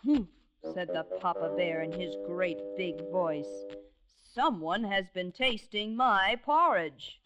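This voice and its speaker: A woman voicing a gruff big papa bear with a booming, grumbling manner, on an old storybook record over orchestra music. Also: slow. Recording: dull old vinyl record.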